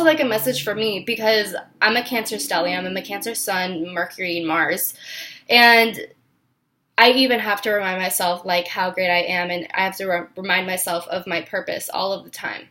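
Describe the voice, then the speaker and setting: A woman's voice: mid-range voice, fairly even intonation, normal speed, pushed and bright. Woman tarot reader, earnest and reassuring, talks in loose run-on sentences and gets choked up at times. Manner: earnest and encouraging, filler-heavy with many restarts. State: near tears, voice catching. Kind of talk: casual tarot reading to camera.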